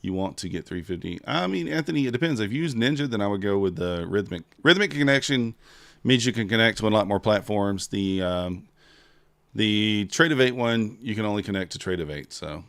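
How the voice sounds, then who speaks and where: A man's voice: lowish voice, animated, fairly quick, gravelly, fairly bright tone, no room sound. A man hosting a casual trading livestream, chatting with viewers and counting down a giveaway.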